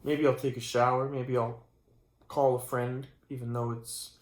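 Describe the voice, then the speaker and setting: A man's voice: medium pitch, flat delivery, measured pace, slight background noise. A tired young man in his channel vlog, rambling through a mock-serious rant late at night and trailing off mid-sentence. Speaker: channel host. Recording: roomy echo.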